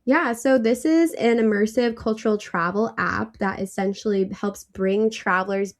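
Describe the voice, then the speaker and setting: A woman being interviewed as a travel company founder, chatty and animated, laughing easily as she tells stories. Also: mid-range voice, moderate pace. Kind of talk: casual interview.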